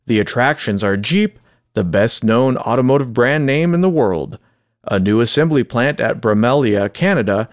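A man's voice: mid-range voice, dry recording, studio quality. A man co-hosting a podcast, chatting casually and reading out segments in a joking, self-deprecating way. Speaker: podcast co-host.

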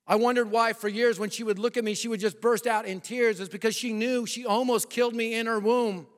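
A man preaching an evangelistic sermon, swinging from loud proclamation to hushed, intimate appeals to the listeners. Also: extremely high pitch, steady tone, a little fast. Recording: long hall reverb.

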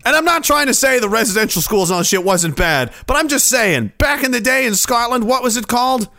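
A man's voice: extremely high pitch, expressive, brisk, bright, forceful tone, no echo, studio quality. A man ranting on a livestream, heated and sarcastic, swearing often and reading out chat messages. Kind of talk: profane political rant on a livestream.

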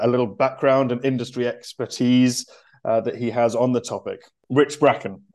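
A man's voice: medium pitch, darkish tone. A man hosting a podcast interview, polite and welcoming, reading his introduction. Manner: polite, introduces guest from notes. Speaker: podcast host.

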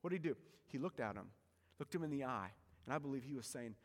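A pastor preaching a sermon, swinging between forceful emphasis and hushed, soft lines. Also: male voice, mid-range voice, lively intonation, fast talker, long reverb tail.

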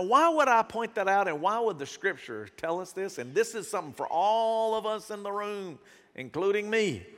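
Man preaching, bright high voice, animated delivery, casual slang, long hall reverb in a church. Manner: animated, acts out Bible characters in voices; casual slang, southern-tinged phrasing. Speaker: pastor. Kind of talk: sermon.

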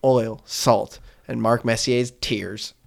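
A man's voice: mid-range voice, steady tone, slow pace, creaky. A man co-hosting a comedy sports podcast, joking in casual, mock-aggressive banter. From Canada. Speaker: podcast co-host.

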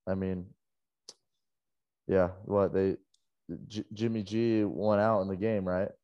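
A lower-voiced man chiming in on a casual sports talk show, stumbling over his words and letting his sentences fade out. The sound is dry and close, with no room around it. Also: level tone, slow pace, dry recording, muffled recording. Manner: hesitant, trails off quietly. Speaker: co-host.

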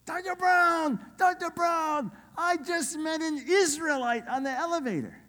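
A man's voice: sits high, sing-song, measured pace, big-room sound, heavily acted. A man voicing an agitated middle-aged male translator who talks in broken English. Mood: excited. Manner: insistent, complaining, clipped phrasing.

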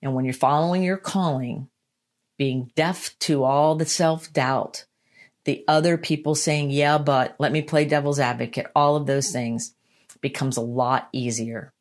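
A woman giving a motivational self-help talk, earnest and emphatic, repeating her key lines and slowing down to stress them. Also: extremely low pitch, fairly even intonation, a little mellow. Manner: slows down to stress points. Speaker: motivational speaker.

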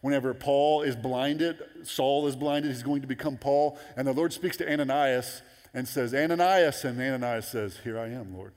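A man preaching a sermon as pastor, animated and conversational, jumping into high excited voices when quoting. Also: moderate pace, hardly any pauses. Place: large church auditorium. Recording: long hall reverb.

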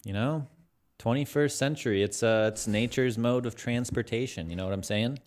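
A man's voice: medium pitch, normal speed. A man co-hosting a podcast, telling stories in casual chat and acting out other people's lines. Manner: animated storyteller, acts out voices. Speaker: podcast co-host.

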